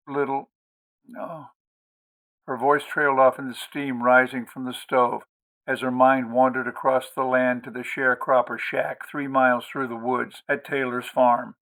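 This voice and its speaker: Guy reading an audiobook, bright clear tone, steady and expressive. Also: mid-range voice. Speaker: audiobook reader, host. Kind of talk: scripted audiobook narration.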